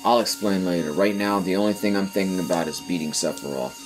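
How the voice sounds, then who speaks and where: A man's voice: low voice, fast talker. A man hosting a game playthrough, reading the dialogue aloud with dry asides. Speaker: let's play host. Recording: faint game music behind.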